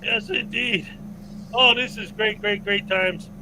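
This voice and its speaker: Chatty high-voiced male streamer. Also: fairly even intonation, takes it slowly, background noise. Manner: chatty, rambling, laughs often. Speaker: host. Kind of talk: casual livestream chat.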